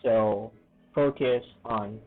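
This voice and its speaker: A man teaching an English lesson in a casual, earnest way, often checking in with "okay?" and "right?" and stressing words slowly. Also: fairly low pitch, faint music behind. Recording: tinny phone-like audio.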